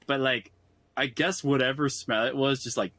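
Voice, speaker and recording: A man's voice: medium pitch, fairly even intonation, normal speed, fairly bright tone, dry recording. A man co-hosting a gaming podcast, rambling casually with lots of filler words and frequent laughter. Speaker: podcast co-host. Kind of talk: casual chat.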